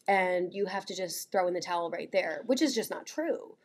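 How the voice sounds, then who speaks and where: Emphatic husky-voiced woman co-host. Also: on the low side, moderate pace. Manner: animated storyteller, blunt and emphatic. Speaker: podcast co-host. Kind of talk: casual chat.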